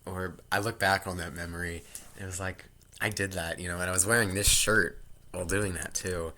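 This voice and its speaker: A man's voice: low-pitched, flat delivery, a little fast, pushed and bright. A man vlogging at home into a laptop mic, rambling in casual chat with jokey asides and self-interruptions.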